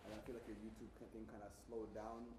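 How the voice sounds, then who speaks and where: A man hosting a podcast interview, asking quick, casual questions and swearing now and then, recorded through a faulty mic. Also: on the low side, little pitch movement, dark tone. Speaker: podcast host. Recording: roomy audio off a faulty mic with faint ambient noise.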